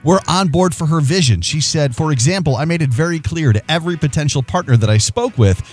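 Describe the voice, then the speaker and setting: A man's voice: a little high, expressive, a little fast, faint music behind. A man hosting morning radio in playful, joking banter. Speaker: radio host. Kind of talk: casual morning radio chat.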